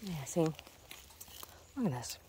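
A lowish, warm female voice, very animated yet slow-paced, comes with a little hiss or hum. She's casually vlogging her backyard garden walk, muttering to herself, chatting away, and using sing-song baby talk on her chickens.

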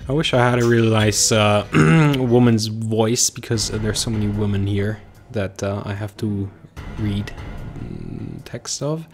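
Halting young man playing a game. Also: lowish voice, big pitch swings, vocal fry, soft background music. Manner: halting, with many uh fillers, reads game text aloud. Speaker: let's play gamer. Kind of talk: casual game commentary.

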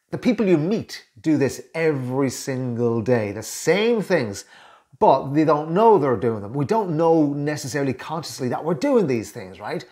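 A man's voice: on the high side, a little mellow. Irish man giving chatty coaching tips. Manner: chatty, acts out both sides of small-talk exchanges. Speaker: communication coach. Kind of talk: direct-to-camera coaching tips.

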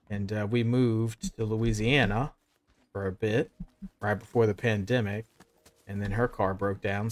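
Low-voiced Southern man streaming a game. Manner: chatty, talks to himself and to chat while playing. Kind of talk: live gameplay commentary.

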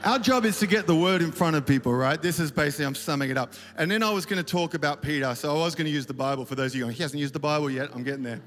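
A man's voice: a little high, racing, hardly any pauses, a bit bright, slight background noise. A man giving a casual, rambling talk at a church conference, full of fillers and self-deprecating asides. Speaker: worship leader speaking at a conference. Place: large auditorium stage. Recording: reverberant hall, faint ambience.

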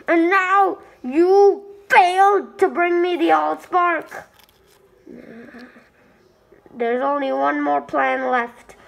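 A woman voicing a boastful, angry male robot warlord in a homemade stop-motion toy movie, talking slowly and menacingly. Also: sits high, vocal fry, full character voice, poor audio. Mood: scolding.

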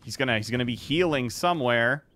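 A man giving excitable, reactive live commentary on his own gameplay, swearing freely. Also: medium pitch, fast, a little hiss or hum. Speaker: gaming YouTuber. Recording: game gunfire in the background. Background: video game gunfire and clicks.

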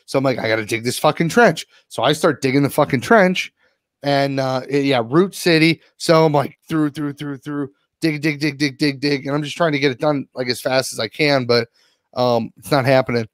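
A man co-hosting a podcast launches into a lengthy, animated tale, cursing nonstop throughout. He talks at normal speed in a slightly high voice, captured in studio quality without any echo.

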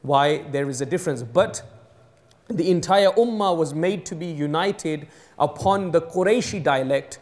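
A male imam in London gives a sermon in a mosque hall, speaking in London English with a fairly high voice at a moderate pace. His style is conversational teaching, often checking with the audience by asking "okay?", and he switches into Urdu and Arabic phrases.

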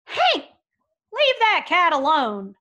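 A woman voicing a weary male rancher who scolds loudly and sounds exasperated. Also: high-pitched, big pitch swings, a little slow, heavily acted. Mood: scolding.

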